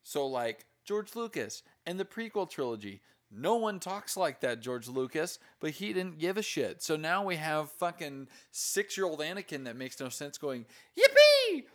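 A man's voice: on the high side, lively intonation, normal speed, few pauses. A man in casual conversation, talking bluntly and with a lot of swearing as he picks apart a film. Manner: profane, blunt and critical. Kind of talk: casual movie chat.

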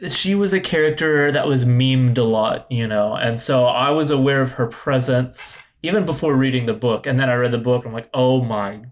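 A man chatting on a podcast about a film, acting out his own reactions with lively, restarting speech. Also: mid-range voice, moderate pace, hardly any pauses. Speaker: podcast co-host or guest. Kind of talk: casual podcast film discussion.

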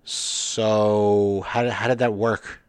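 A man's voice: on the low side, level tone, takes it slowly, clear, resonant tone, no echo. A man in casual chat, blunt and questioning, swearing now and then. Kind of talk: casual chat about pro wrestling.

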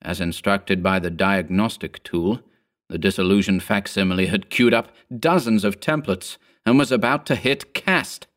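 A man reads his own story aloud in a measured, dryly wry manner. His voice sits on the lower side, steady through the long narrated passages. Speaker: narrator and author.

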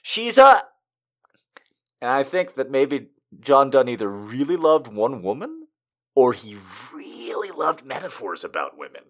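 Brief: male poetry host, lively rise and fall, reads slowly then chats with frequent laughs. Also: mid-range voice. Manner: laughs often, trails off into asides. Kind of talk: poetry reading and casual chat.

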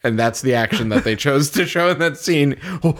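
Male podcast co-host, casual chat, animated, laughs a lot. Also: medium pitch, moderate pace. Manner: animated, laughs often while talking.

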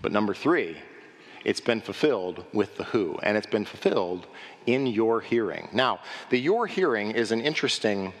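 A man preaching a lively sermon in a church, asking the congregation questions and acting out the voices of the crowd. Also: lowish voice. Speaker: pastor. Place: church sanctuary. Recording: long hall reverb.

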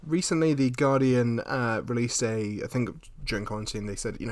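A man's voice: mid-range voice, steady tone, a little fast, few pauses. A man co-hosting a podcast in casual chat, arguing his points in a teasing, mock-stern way. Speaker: podcast co-host.

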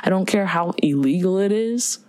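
A woman's voice: fairly low pitch, moderate pace, no room sound. A young woman co-hosting a podcast, chatting casually and joking as she retells scenes. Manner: joking, animated storytelling. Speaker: podcast co-host. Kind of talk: casual chat.

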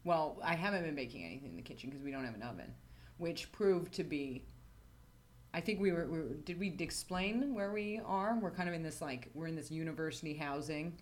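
A woman's voice: deep voice, lively intonation, fairly quick. A woman co-hosting a casual podcast chat in student housing, chatty and wry, often laughing. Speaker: podcast co-host.

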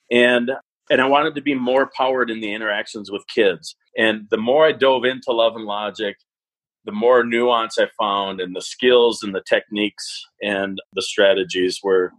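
A man in his forties, a parenting educator, telling stories in an animated, self-deprecating way on an interview. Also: on the low side, slightly rough, poor audio. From Wisconsin, US. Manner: animated, self-deprecating, acts out quoted thoughts. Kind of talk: conversational interview storytelling.

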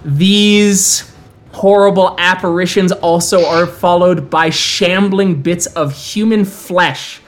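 A man narrating a tabletop horror game as storyteller, in measured, descriptive tones he sometimes draws out for effect. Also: high-pitched, fairly even intonation, slight background noise.

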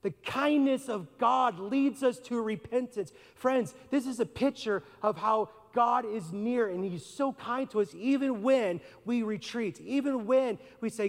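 High-voiced male preacher in a reverberant hall. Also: unhurried, hardly any pauses. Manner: conversational preaching, rhetorical questions, acts out voices. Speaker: pastor. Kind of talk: sermon. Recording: long reverb of a large hall.

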